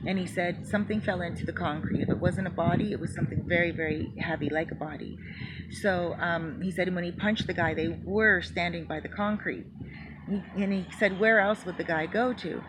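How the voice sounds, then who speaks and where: Woman storyteller, low voice, chatty casual delivery, acts out the quotes, for a true-story retelling. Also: steady tone, fairly quick, heavy background noise.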